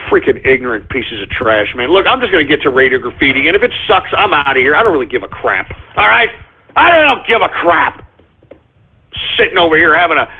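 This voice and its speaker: A man with a high, breathy, husky voice hosts an internet radio show and rants at his audience. His delivery is scornful and full of profanity. The sound is thin and boxy, like a phone line. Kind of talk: angry call-in radio rant.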